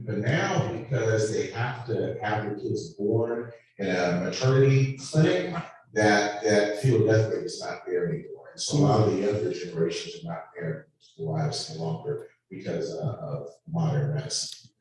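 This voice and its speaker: A man's voice: fairly low pitch, animated, normal speed, darkish tone. A man sharing a mission trip story at a church panel, casual and full of ums, narrating over slides. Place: church hall. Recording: echoey hall from far off, faint noise.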